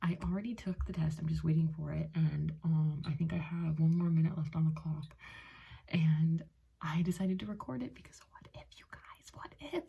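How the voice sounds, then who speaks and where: A young woman in her late twenties tells a personal story for her vlog in a rambling, excitable way, stringing thoughts together with plenty of "like" and "um". Her voice sits fairly low and carries a gravelly vocal fry. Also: moderate pace, muffled recording. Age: late 20s. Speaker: vlogger. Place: at home in a bedroom.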